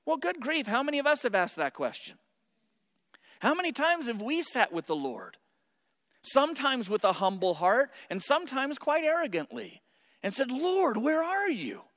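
Animated male pastor in a reverberant church. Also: very high voice, normal speed. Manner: animated and playful, with asides to the congregation. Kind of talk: sermon. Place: church sanctuary.

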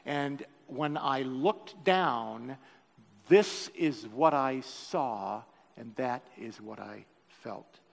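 A man's voice: medium pitch, extremely slow, creaky. An older man preaching a sermon, telling a personal story with emotion and joking with the congregation. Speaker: pastor. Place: church sanctuary. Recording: reverberant church hall.

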